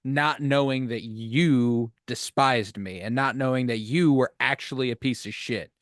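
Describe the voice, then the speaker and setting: A man co-hosting a casual film podcast, talking in an animated way, swearing freely and restarting his sentences often. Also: medium pitch, a little slow, no room sound, studio quality. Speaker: podcast co-host.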